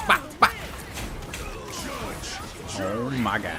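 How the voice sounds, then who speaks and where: A man's voice: on the low side, huge pitch swings, takes it slowly, long pauses, heavy background noise. A young man giving live gameplay commentary, teasing and complaining in mock exasperation at his teammates. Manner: exasperated, playful trash talk to teammates. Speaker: streamer playing a hero shooter.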